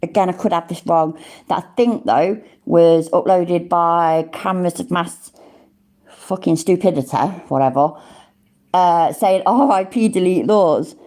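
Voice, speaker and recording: A woman's voice: on the low side, a little slow, a little mellow. A woman in her forties hosting a livestream, a little tipsy, chatting casually, swearing freely and laughing often. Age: 40s. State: tipsy from drinking. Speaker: livestream host.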